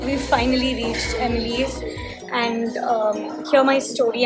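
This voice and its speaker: A young college-age woman talks straight to her viewers in a bright, high register. She chats casually with loose fillers into a handheld phone. Music plays clearly underneath her. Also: steady tone, unhurried, rough recording. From Chennai, India. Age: young adult. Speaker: college student vlogger. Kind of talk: casual vlog talk to camera.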